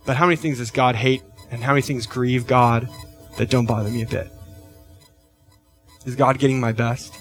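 A man's voice: mid-range voice, fairly even intonation, normal speed, long pauses, faint music behind. Earnest male pastor preaching. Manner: earnest, rising emphasis on key questions, frequent "right?". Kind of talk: sermon.

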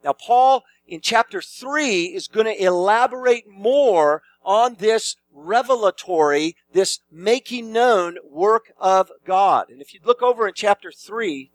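A man's voice: high voice, lively intonation, measured pace, few pauses, dry recording. A man preaching an expository sermon as pastor, emphatic and repeating key phrases for weight.

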